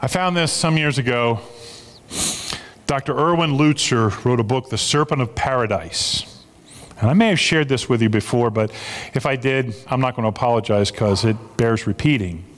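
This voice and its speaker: A man's voice: medium pitch, normal speed. A man preaching a sermon as a pastor, emphatic and repeating his key phrases for weight. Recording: long reverb of a large hall.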